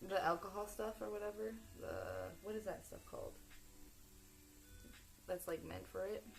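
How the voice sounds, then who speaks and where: A woman's voice: medium pitch, normal speed, creaky, slight background noise, poor audio. A young woman streamer chatting casually, telling a story with lots of laughter. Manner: giggly, animated storytelling. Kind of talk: casual chat.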